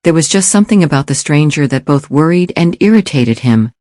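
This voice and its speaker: A man reading a thriller audiobook in a steady, measured storytelling manner. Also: on the high side, no echo, studio quality. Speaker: audiobook narrator. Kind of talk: scripted thriller narration.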